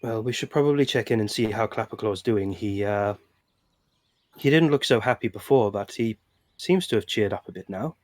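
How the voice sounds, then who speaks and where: A man with a British accent playing a polite, formal rabbitfolk bard who speaks in a measured way. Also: fairly low pitch, no echo, natural voice.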